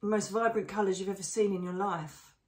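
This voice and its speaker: A woman, a psychic medium narrating her visions live in a hushed, emotional, often slow and breathy way. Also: medium pitch, reverberant. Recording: voice distant from the mic.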